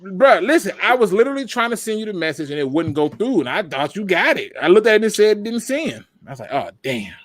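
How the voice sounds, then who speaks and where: A man hosting a casual live stream, joking and reacting loudly to the chat. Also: high voice, big pitch swings, fast, few pauses. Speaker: podcast host.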